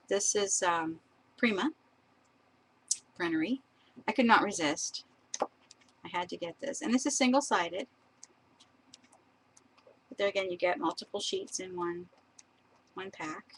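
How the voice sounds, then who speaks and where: A woman's voice: on the low side, measured pace, pauses often, a bit bright, slight background noise, poor audio. A woman chatting casually as she shows craft papers on a live stream, laughing often and admiring each sheet.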